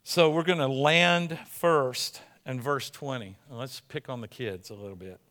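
A man pastor preaching a sermon in a church, animated and emphatic, often repeating himself and restarting phrases. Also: medium pitch, a little slow.

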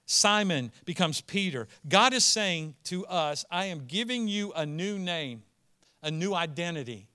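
A pastor preaches a sermon, shifting between quiet storytelling and earnest, emphatic declarations. His voice is high-pitched and animated, a little slow, with a clean tone.

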